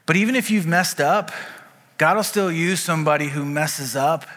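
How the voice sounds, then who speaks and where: A man preaching a sermon as pastor, telling stories in a conversational way with quick asides. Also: fairly high pitch, a bit bright, big-room sound. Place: church auditorium.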